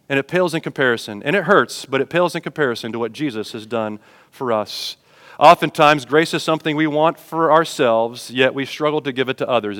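A man preaching a sermon as pastor in a church, speaking to his congregation in a conversational way and swelling louder on key points. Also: a little high, in a large hall.

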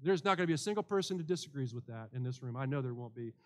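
A man's voice: medium pitch, expressive, very fast. A man preaching a sermon as pastor, earnest, often restarting his phrases. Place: church.

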